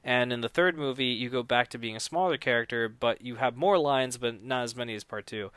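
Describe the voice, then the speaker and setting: A no-budget filmmaker appearing on a podcast chats casually about his films in a brisk, smooth, medium-pitched voice, captured in a dry recording. His talk rambles with many restarts, and he acts out quoted dialogue at full volume.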